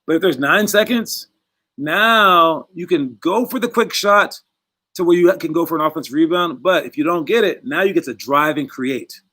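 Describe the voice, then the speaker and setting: A man's voice: a little high, normal speed, bright, forceful tone. Chatty young man coaching basketball. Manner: chatty, rambling, acts out voices in quotes. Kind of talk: casual coaching talk to players.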